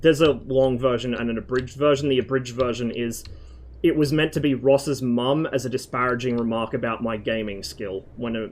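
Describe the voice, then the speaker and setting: A man's voice: mid-range voice, a little mellow. A young man casually commentating his game stream, rambling with frequent restarts and plenty of swearing.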